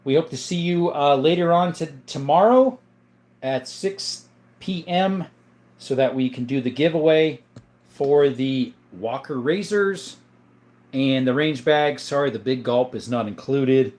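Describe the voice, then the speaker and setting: Hosting a casual livestream, a man speaks a little slowly in a medium-pitched, darkish voice. His talk rambles and jokes, and he reads viewers' chat messages out loud.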